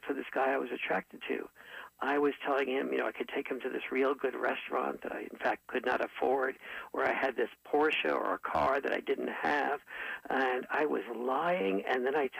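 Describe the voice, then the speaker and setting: A man with a very gravelly, husky voice explains his ideas as a guest in an interview. He talks thoughtfully, often pausing with fillers and restarting his sentences. The sound is dry, with little room echo. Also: mid-range voice, a bit bright. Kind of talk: conversational interview answers.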